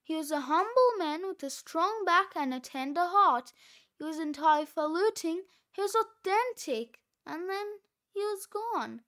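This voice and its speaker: A woman voicing a sentimental older woman on a school's staff in a storybook read-aloud, speaking softly and lower than her narration. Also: expressive, a little slow, heavily acted. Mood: tearful.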